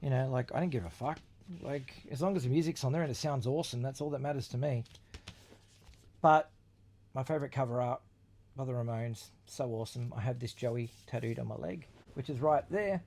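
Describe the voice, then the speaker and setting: A man's voice: mid-range voice, fairly quick, darkish tone. A man hosting a casual video about his record collection, talking with rambling enthusiasm, swearing freely and leaning on fillers. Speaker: vlog host reviewing his record collection. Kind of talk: casual chat.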